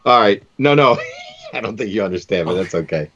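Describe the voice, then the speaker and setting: A man's voice: lowish voice, lively intonation, brisk, a bit bright, dull audio. A man hosting a live stream, chatting casually and enthusiastically while tying fishing lures, often calling people "man".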